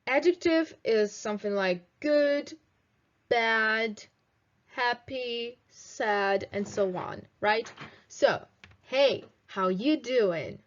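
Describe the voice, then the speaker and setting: A young woman teaching English in a video lesson, slowly modelling phrases for students to repeat. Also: fairly high pitch, muffled recording. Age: 20s. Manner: slow, clear teaching delivery with drilled example phrases.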